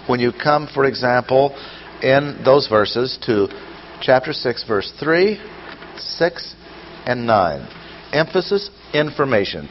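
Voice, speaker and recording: A male Bible teacher works through a passage methodically, reading verses aloud and explaining them with rhetorical questions. His voice sits at a middle pitch. The recording is dull and lo-fi, with a faint hiss behind it. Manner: poses rhetorical questions to listeners. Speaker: preacher teaching scripture. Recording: dull lo-fi sound with faint noise.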